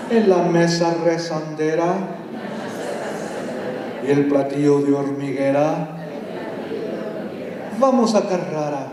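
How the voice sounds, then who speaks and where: Slow-speaking man reading poetry in a hall. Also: on the high side, noisy background. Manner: playful, switches between English and Spanish. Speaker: poet. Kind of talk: live poetry reading with banter. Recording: echoey hall from far off.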